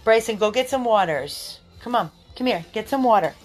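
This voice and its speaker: A woman's voice: a little high, expressive, normal speed, soft background music. A woman running a dog rescue, chatting casually to viewers and cooing at her dogs in baby talk. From Florida.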